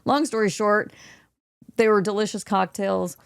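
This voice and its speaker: A woman's voice: medium pitch, fairly even intonation, a little slow, vocal fry, smooth, no echo, clean studio sound. A woman co-hosting a podcast, telling a story in casual chat, explaining each step in detail. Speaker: podcast co-host.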